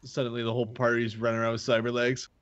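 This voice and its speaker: A man's voice: medium pitch, monotone, racing, a bit bright, no echo, lo-fi sound. A man chatting sardonically with friends while playing an online game. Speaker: player. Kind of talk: casual gaming chat.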